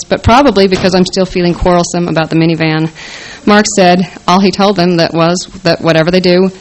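A woman's voice: lowish voice, a little hiss or hum, rough recording. A woman reading her first-person story aloud with a wry, dry delivery.

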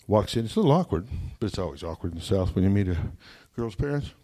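Storytelling speaker from Wyoming, folksy and humorous, low warm voice. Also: male voice, lively intonation, fast talker. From Wyoming, United States. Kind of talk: storytelling talk to an audience.

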